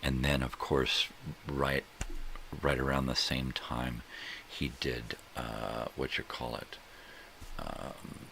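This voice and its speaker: A middle-aged man rambles slowly through casual morning talk, tossing in jokes and curses. His voice sits extremely deep and gravelly. It still carries a bright, forward edge. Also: little pitch movement, slight background noise. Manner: rambling, joking, profane, trails off searching for names. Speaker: host. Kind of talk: casual solo livestream chat.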